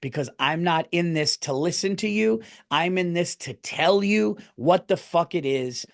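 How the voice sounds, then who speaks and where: A man's voice: high-pitched, expressive, measured pace, gravelly. A middle-aged man hosting his podcast in a casual, rambling way, getting heated and swearing as he rants. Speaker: podcast host. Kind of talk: casual comedic rant.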